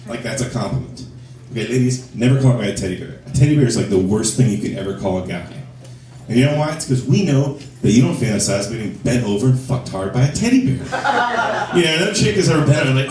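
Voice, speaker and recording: A man's voice: medium pitch, lively intonation, fast talker, far from the mic, a little hiss or hum. A man doing a stand-up comedy set on a club stage, telling profane, self-deprecating stories and acting out the dialogue. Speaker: stand-up comic. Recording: echoey club, recorded from afar.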